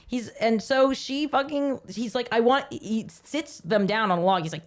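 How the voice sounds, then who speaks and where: A woman's voice: a little high, moderate pace, few pauses. A woman co-hosting a casual rewatch podcast, chatty and giggly, swearing now and then. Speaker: podcast co-host.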